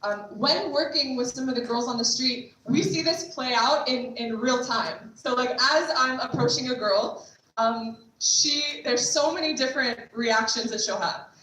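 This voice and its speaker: A woman's voice: fairly high pitch, unhurried, a bit bright. A young woman giving a chatty training talk to a group, often acting out quoted dialogue. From United States. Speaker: trauma care trainer and street outreach worker. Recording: echoey hall from far off, faint noise.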